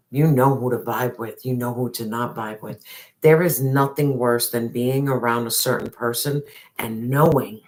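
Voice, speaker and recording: Emphatic, repetitive tarot reader. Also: medium pitch. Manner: emphatic and repetitive, speaking directly to the viewer; casual slang and swearing. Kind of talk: spiritual tarot reading.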